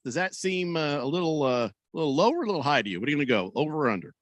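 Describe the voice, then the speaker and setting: A man's voice: a little high, very animated, very fast, no room sound. A man hosting a sports radio show in a loose, joking way, a little out of breath, rambling and restarting as he tells a story. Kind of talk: casual sports radio talk. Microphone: studio microphone.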